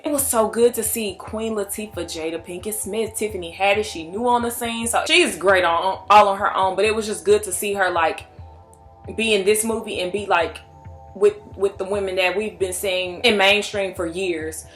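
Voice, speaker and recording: Young woman vlogger, excitable and chatty, with soft music under her voice. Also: mid-range voice. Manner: excited, chatty, with frequent restarts. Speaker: movie reviewer. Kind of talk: casual vlog review.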